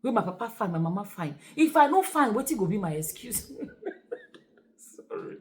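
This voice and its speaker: A Nigerian woman talking in a casual vlog. She is animated, laughs often and slips into Pidgin phrases. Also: mid-range voice, fast talker, slight background noise. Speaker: vlogger and shortlet host.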